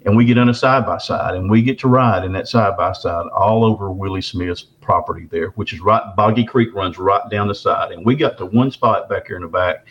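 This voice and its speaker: Folksy older man, low voice. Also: fairly quick, hardly any pauses. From Texarkana area, southern US. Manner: folksy, repeats and restarts words. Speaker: Bigfoot researcher telling his story. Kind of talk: casual rambling storytelling. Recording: dull lo-fi recording.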